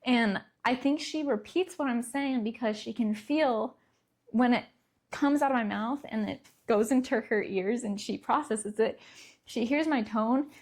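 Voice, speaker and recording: Speaking unhurriedly in a slightly mellow, higher voice, a young adult woman hosts a parenting podcast alone. Her talk is relaxed and conversational, broken up by light laughter between words.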